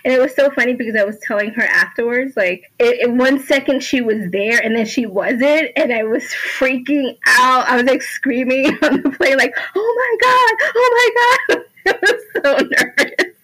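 A woman guest on a chat podcast, telling a lively story, laughing often and acting out what people said. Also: fairly high pitch, moderate pace, hardly any pauses, rough recording. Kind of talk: casual chat.

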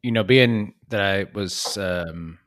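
A man co-hosting a casual beer tasting, talking in a relaxed way with plenty of fillers. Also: lowish voice, slow. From Kentucky. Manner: relaxed, filler-heavy talk. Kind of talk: casual chat.

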